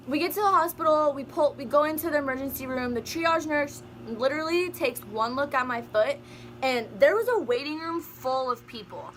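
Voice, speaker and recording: A young woman telling a personal story in a storytime vlog, animated and often laughing. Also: sits high, fairly quick, a little hiss or hum. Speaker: vlogger.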